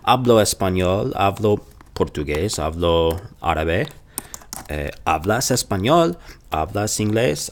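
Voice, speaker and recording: A man giving a language lesson, explaining and slowly repeating example phrases. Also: low voice, gravelly. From Chicago. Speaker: language teacher.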